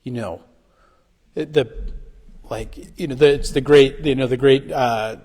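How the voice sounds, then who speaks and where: A man giving a pastor's sermon reflection, halting and full of restarts and fillers as he talks. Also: medium pitch, darkish tone. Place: church. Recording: livestream with long hall reverb.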